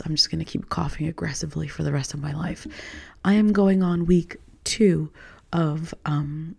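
A young woman hosting a podcast in casual solo chat, her voice hoarse from being sick, chatty and self-mocking, sometimes dropping into whispery asides. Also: deep voice, dark tone. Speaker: podcast host.

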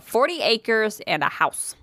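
A woman's voice: on the high side, sing-song, unhurried, sharp tone, dry recording, studio quality. A woman co-hosting a podcast, telling a story in casual chat, swearing freely, laughing often and poking fun at herself. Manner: profane, laughs often, self-deprecating. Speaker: podcast co-host.

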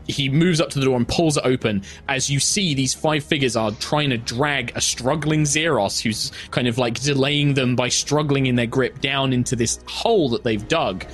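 A man's voice: medium pitch, moderate pace, fairly bright tone, faint music behind. A man narrating as game master in a tabletop game, rambling with many fillers.

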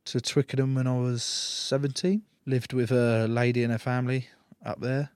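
A man's voice: mid-range voice, fairly even intonation, normal speed, a little mellow, smooth, no echo, studio quality. A young man, a rugby player chatting in an interview, telling jokey stories with swearing. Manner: jokey storyteller, swears, acts out quotes. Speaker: professional rugby player, guest. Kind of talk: casual interview chat.

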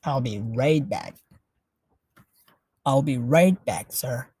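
A woman voicing a courteous male restaurant waiter, repeating his lines slowly for learners. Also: a bass voice, mellow, husky, dry recording, pitched below the performer's own voice, heavily acted. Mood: polite.

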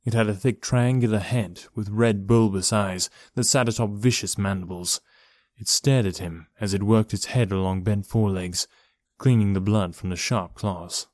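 A man giving a steady, measured reading of a horror story as narrator. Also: lowish voice, no room sound. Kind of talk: scripted horror audiobook narration.

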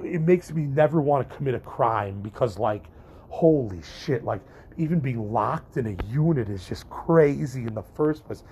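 A man's voice: mid-range voice, a little mellow, slight background noise. Candid, rambling young man talking to viewers. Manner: candid, profane, rambling with frequent restarts and fillers. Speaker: vlogger and podcaster. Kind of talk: casual rambling monologue to viewers.

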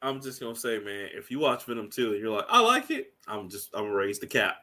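A young man co-hosting a casual podcast, excitable and laughing often as he talks. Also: fast talker. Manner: laughs often, excitable, swings wildly in pitch. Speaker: podcast co-host. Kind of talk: casual chat.

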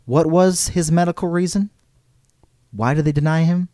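A man's voice: fairly high pitch, moderate pace, dark tone, no room sound, studio quality. A man hosting a podcast, telling a history story in a casual, digressive way and reading quotes aloud. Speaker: podcast host.

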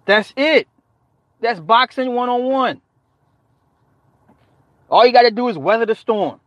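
A man's voice: very high-pitched, animated, measured pace, a bit bright, no room sound. A man casually chatting on his live stream, joking and swearing, laughing often and answering the chat by repeating points for emphasis. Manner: profane, joking banter with frequent laughter; talks back to chat, repeats phrases for emphasis. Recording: dull lo-fi dry sound.

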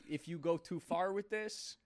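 A man guest in a casual chat, chatty and quick to agree, acting out quoted exchanges. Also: on the high side. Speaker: guest author.

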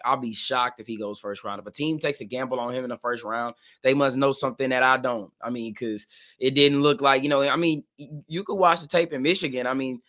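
A man's voice: medium pitch, sharp tone. A man co-hosting a casual sports podcast, blunt and emphatic, often repeating words as he makes his case. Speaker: co-host.

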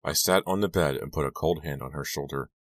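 A man reading a young-adult horror novel aloud, in a steady, measured manner. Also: very deep voice, dry recording. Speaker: audiobook narrator. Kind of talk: scripted narration.

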